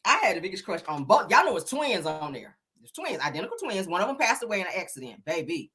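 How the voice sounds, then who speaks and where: A woman's voice: fairly low pitch, big pitch swings, fast talker, a bit bright, slightly rough. A woman hosting casual celebrity gossip on a livestream, sassy and slangy, teasing her viewers and calling them honey and child.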